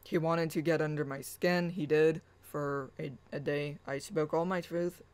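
A spiritual vlogger talking in a halting way with many pauses, then reading a blog post aloud in a soft, chant-like manner. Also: medium pitch, steady tone, clean tone, rough recording.

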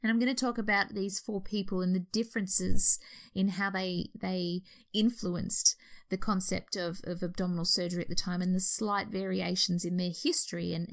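An Australian nurse educator explains a history topic informally, restarting and correcting herself as she goes. Her voice is lowish and creaky.

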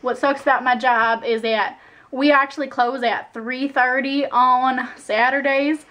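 Young woman, casual home vlogger, chatty and rambling, slips into accents; slightly high voice. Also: steady tone, measured pace, fairly bright tone. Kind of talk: casual vlog chat. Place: at home indoors.

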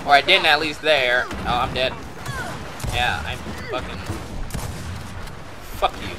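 A man giving live gameplay commentary, excitable and profane, muttering one moment and shouting the next. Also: medium pitch, takes it slowly, background noise.

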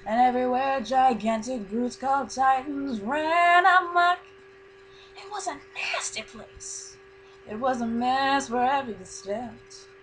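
A woman's voice: high-pitched, fairly bright tone, rough recording. A woman voicing a sassy female chorus narrator, brassy and sing-song.

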